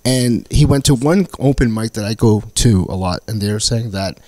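A Filipino Canadian man, a guest comedian, telling stories in a casual podcast chat with lively, profane energy. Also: fairly low pitch, normal speed, no echo. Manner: animated storyteller, swears freely.

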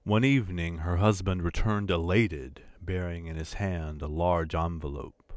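A man narrating a classic short story as an audiobook in a measured, deliberate way. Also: low voice, steady tone, dry recording. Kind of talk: scripted literary narration.

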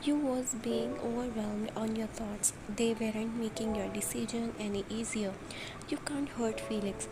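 Softly whispering woman narrator. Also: on the high side, steady tone, unhurried, background noise. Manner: soft, often half-whispered reading. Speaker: fan fiction narrator. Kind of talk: storybook narration. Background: loud background music.

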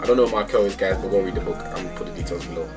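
Young lad reading aloud in a reaction vlog, low voice, animated asides, loud music bed underneath. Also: male voice, rapid-fire. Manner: animated, laughing, breaks off to comment. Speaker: vlogger.

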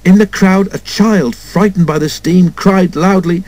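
A man reading a children's storybook aloud in an expressive way, doing all the character voices himself. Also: sits high, unhurried, rough recording. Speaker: storybook narrator.

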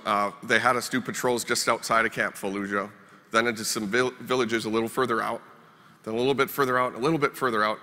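A man's voice: on the low side, bright, forceful tone, in a large hall. A man from the United States giving a keynote speech to a live audience, telling his story in a plain-spoken way. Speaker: keynote speaker. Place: conference hall.

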